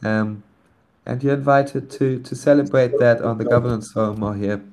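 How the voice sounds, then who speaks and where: A man's voice: medium pitch, fairly even intonation, normal speed, a little mellow. A man whose first language is not English, speaking on a community voice call and announcing a nomination with many ums and restarts. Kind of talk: casual chat on a community voice call. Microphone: online voice call.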